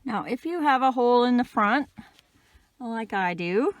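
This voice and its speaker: A woman giving a casual, patient step-by-step crochet tutorial, talking gently with the odd "um". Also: a little high, lively intonation, measured pace, a little hiss or hum. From Canada. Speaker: crochet instructor.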